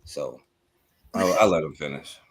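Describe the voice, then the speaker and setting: A man's voice: rumbling low, unhurried. A man co-hosting a casual talk radio show, heated and emphatic, cussing as he makes his point. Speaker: co-host.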